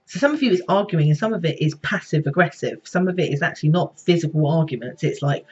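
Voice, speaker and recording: A woman's voice: sits low, animated, fast talker, few pauses, darkish tone, husky, lo-fi sound. A woman psychic reader giving a casual, chatty horoscope reading that speaks straight to her viewers. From Britain. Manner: chatty, conversational, addresses viewers directly.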